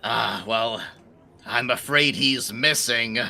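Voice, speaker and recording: A man playing a tabletop game, speaking in a measured, matter-of-fact way. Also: mid-range voice, vocal fry, sharp tone. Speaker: player.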